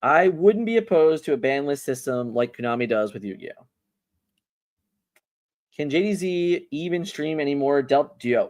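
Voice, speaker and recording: A man hosting a casual livestream, talking in a rambling, animated way and often repeating words as he restarts. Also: on the high side, normal speed. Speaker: livestream host.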